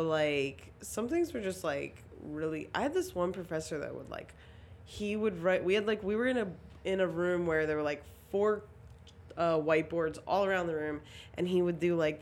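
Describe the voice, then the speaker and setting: A young woman with a fairly low-pitched voice hosts a casual podcast conversation. She talks in a laid-back, rambling way, full of "like" fillers and casual swearing. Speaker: podcast host. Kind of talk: casual chat.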